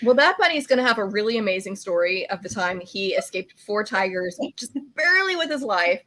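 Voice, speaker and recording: A woman's voice: mid-range voice, big pitch swings, brisk, sharp tone. Chatty woman radio host. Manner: chatty, joking. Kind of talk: casual interview chat.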